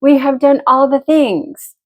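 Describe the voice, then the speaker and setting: A woman's voice: sits high, a little slow, darkish tone. A middle-aged woman venting frankly and emotionally to camera as she gets ready, swearing freely. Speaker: vlogger. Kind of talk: candid talk to camera while getting ready.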